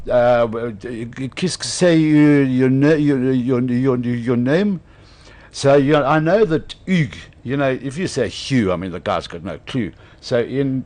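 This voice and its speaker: A man, a radio host, telling an animated anecdote in casual chat and laughing often. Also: mid-range voice.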